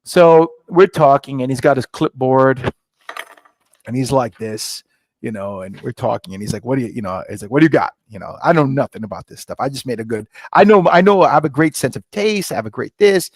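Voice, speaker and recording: A middle-aged man telling stories in a casual interview, animated and acting out dialogue, often jumping up in pitch. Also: brisk, dry recording, low-quality recording. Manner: animated, jumps to high excited pitch when retelling; many fillers and restarts, acts out quoted dialogue. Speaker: guest, scotch brand founder.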